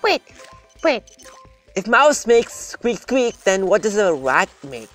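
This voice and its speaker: A gaming host giving playful, rambling let's-play commentary that breaks into sudden excited shouts. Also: medium pitch, takes it slowly, faint music behind.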